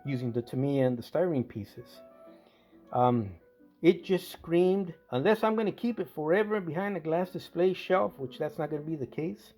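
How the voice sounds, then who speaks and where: A man's voice: fairly high pitch, darkish tone. A man casually narrating a scale model tank restoration, rambling and correcting himself as he goes. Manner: rambling, self-correcting, conversational.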